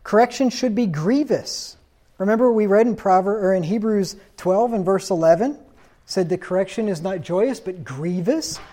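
A man's voice: high-pitched, normal speed, mellow. A man preaching a sermon in a stern, insistent tone, reading scripture aloud and asking rhetorical questions.

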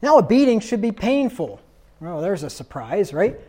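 A man's voice: high-pitched, very animated, normal speed, a little mellow, slightly rough. A man preaching a sermon in a stern, insistent tone, reading scripture aloud and asking rhetorical questions.

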